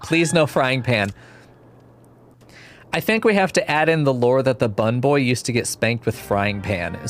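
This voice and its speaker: A man casually commenting while playing a story game, laughing often and swearing freely. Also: medium pitch. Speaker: game streamer. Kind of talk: casual let's-play commentary.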